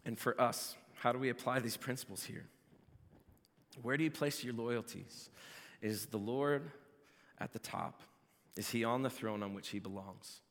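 A pastor preaching a sermon, with lively delivery that rises to shouting when he jokes. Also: mid-range voice. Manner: animated, builds to shouting in jokes. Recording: long hall reverb.

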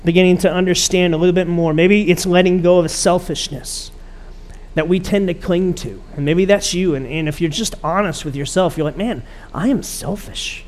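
A man's voice: high voice, fairly even intonation, a little fast, darkish tone. A man pastor preaching a conversational, emphatic sermon to his church.

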